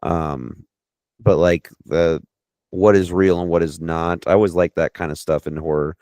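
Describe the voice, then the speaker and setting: A man with a low voice chatting casually about a horror film on a podcast. He sounds laid-back and drops in lots of short agreeing fillers, with a dry, close sound. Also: steady tone, moderate pace, darkish tone, dry recording. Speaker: podcast co-host. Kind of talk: casual movie discussion.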